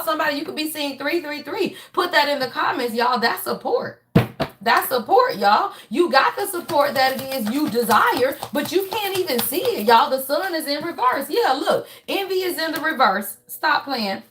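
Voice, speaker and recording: Woman, high voice, casual tarot reader, preachy and blunt with a salty mouth. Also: fairly bright tone. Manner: emphatic, preachy, peppers every phrase with "y'all"; blunt and swears freely. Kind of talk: casual spiritual reading.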